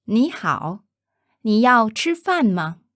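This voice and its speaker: Very slow, carefully enunciating woman. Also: on the high side, very animated, no echo, studio quality. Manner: careful, deliberate enunciation, each phrase said twice. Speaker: native-speaker model for pronunciation. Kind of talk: slow repeated pronunciation examples.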